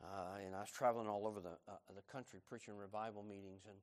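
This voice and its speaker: A middle-aged man preaching a sermon, swinging from loud, animated emphasis to hushed, low tones. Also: fast, in a large hall. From United States. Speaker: pastor.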